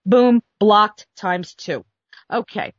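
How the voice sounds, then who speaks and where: A woman's voice: mid-range voice, slow, no room sound. A woman script consultant telling a story bluntly and outspokenly to an audience in a casual monologue. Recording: dull, muffled recording.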